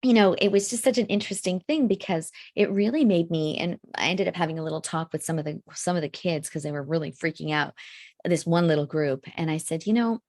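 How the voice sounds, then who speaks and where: A woman co-hosting a podcast in casual chat, animated and rambling, often breaking into laughter. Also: sits low, fairly quick, dry recording, studio quality. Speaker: podcast co-host.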